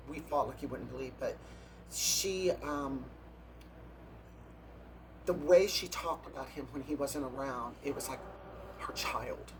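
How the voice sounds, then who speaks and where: Brief: campy male drag performer, gossipy raconteur, mid-pitched, faint room noise. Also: a bit bright. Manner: campy and catty, with gasps and laughs. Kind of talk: casual storytelling, gossipy.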